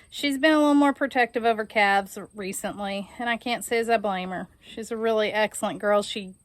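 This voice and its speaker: A woman, a cattle farmer talking to her viewers in a casual, emotional, candid way after a hard day. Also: a little high. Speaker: farmer and video host. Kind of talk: casual vlog talk to viewers. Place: outdoors on a cattle farm.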